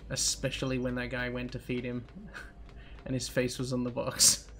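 Young man, casual let's play commentary, joking, rambling, average pitch. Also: completely flat delivery, moderate pace, sharp tone, soft background music. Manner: rambling, joking, self-interrupting. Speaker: gaming channel host.

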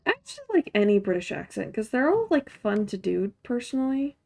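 A woman's voice: fairly high pitch, big pitch swings, a little fast, vocal fry, dark tone. A woman streamer giving casual, rambling gameplay commentary with a chatty, self-mocking way of talking.

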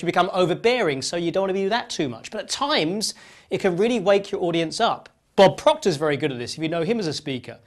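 A man giving a public speaking lesson, moving between fast, punchy delivery and slow, hushed phrases with long pauses. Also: high-pitched, expressive. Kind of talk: presentation lesson demonstrating vocal variety.

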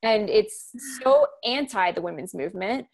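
A woman in her thirties, a communication coach talking as a podcast guest, loud, direct and fast-talking. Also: mid-range voice, lively intonation. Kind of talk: conversational podcast interview.

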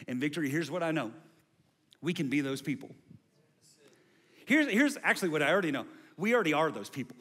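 A man preaching in a large church auditorium, his somewhat high voice carrying with a long reverb. He builds his points into loud, repeated refrains and then eases back into a conversational tone with the congregation. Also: animated, a little fast, long pauses, breathy edge. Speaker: pastor. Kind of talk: sermon.

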